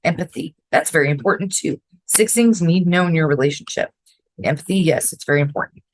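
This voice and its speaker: A woman's voice: low-pitched, fast, no room sound, low-quality recording. A woman from Florida with a mix of New York and Southern accent, hosting a casual advice podcast in a blunt, direct way and swearing freely. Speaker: podcast host.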